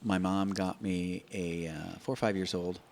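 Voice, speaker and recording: A man in his fifties, a podcast guest, telling stories in an animated way, often repeating and restarting words. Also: deep voice, moderate pace, background noise. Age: 50s. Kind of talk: conversational storytelling. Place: open-air bike and coffee shop in a garage.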